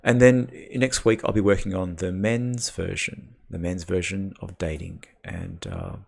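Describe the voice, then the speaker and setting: Deep gravelly man, rambling. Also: lively intonation, a little slow. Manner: rambling, restarts, emphatic bursts. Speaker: host of dating call-in show. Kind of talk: casual live-stream chat.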